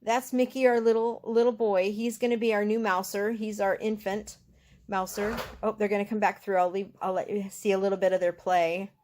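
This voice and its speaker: A woman's voice: mid-range voice, level tone, a little fast, darkish tone. An older retired woman chatting in a rambling way in a casual home vlog, filmed on a handheld phone in her living room. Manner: chatty, rambling, with many fillers and restarts. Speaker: home crafter and small-business owner. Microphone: handheld phone camera.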